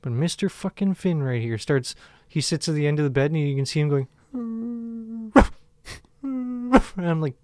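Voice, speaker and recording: A man's voice: a little high, animated, a little fast, darkish tone, no room sound. A man co-hosting a casual podcast, telling rambling profane stories and laughing often. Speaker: podcast co-host.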